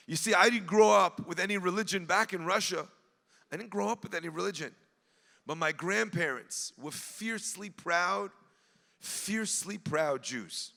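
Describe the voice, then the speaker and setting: A man, a rabbi, giving an impassioned storytelling speech at an event, rising at times to shouts. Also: high-pitched, brisk, vocal fry, big-room sound. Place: large event hall.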